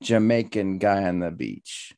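A man's voice: low voice, measured pace, gravelly, mellow, clean tone. A man hosting a casual interview, joking around and teasing his guest with mock-tough banter. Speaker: interview host.

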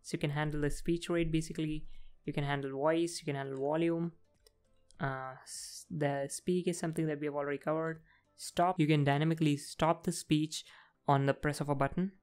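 A man's voice: fairly high pitch, fairly even intonation, a little fast, a little mellow, clear, resonant tone, soft background music. A man hosting a programming tutorial, casually talking through each coding step as he types, with frequent fillers. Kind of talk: casual screen-recorded coding walkthrough.

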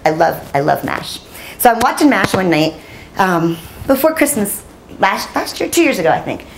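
A woman's voice: medium pitch, big pitch swings, moderate pace, vocal fry, noisy background. A woman in her forties, a journalist giving a storytelling talk to a room of listeners, chatty and self-deprecating, laughing often. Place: audience room.

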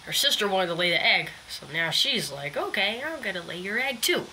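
A woman chats loosely about her chickens, circling back and restarting her sentences. She films on a phone outdoors beside the coop. Steady background noise is clearly heard behind her voice. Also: medium pitch, a little fast, poor audio. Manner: rambling, many restarts and fillers. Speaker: backyard chicken keeper filming her hens. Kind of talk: casual phone vlog narration. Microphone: phone camera.

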